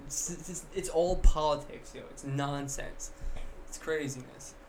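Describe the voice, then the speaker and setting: Excitable slangy man in casual chat. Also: fairly high pitch, a little slow, a little hiss or hum. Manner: excitable, slangy, repeats words.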